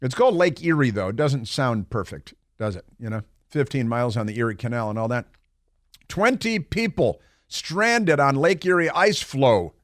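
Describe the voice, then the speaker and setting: A middle-aged man hosts a studio talk radio show, delivering an opinionated monologue full of mockery, rambling, fillers and asides. His mid-range voice is sing-song and a bit bright at normal speed, picked up by a studio microphone with no room sound.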